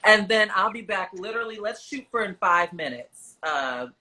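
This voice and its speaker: A woman's voice: medium pitch, animated, moderate pace, bright, forceful tone. A woman hosting a livestream, chatting playfully with her guest and addressing viewers in the comments. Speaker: livestream host. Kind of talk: casual livestream chat.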